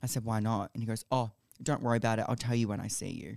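A man's voice: on the low side, fairly even intonation, racing, gravelly, darkish tone, no echo, studio quality. A young man, a podcast guest, telling a dating story in casual chat, swearing freely and acting out the lines of the people in it. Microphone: podcast microphone.

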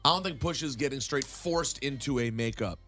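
A man's voice: mid-range voice, a little fast, bright, forceful tone, soft background music. A man co-hosting a radio show, giving emphatic opinions and often repeating himself. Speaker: radio co-host. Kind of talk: casual radio banter.

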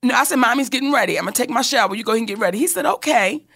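High-pitched woman with gravelly edge, animated. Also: very fast. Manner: animated, swears freely, acts out quotes. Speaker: co-host telling a personal story. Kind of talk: casual storytelling chat.

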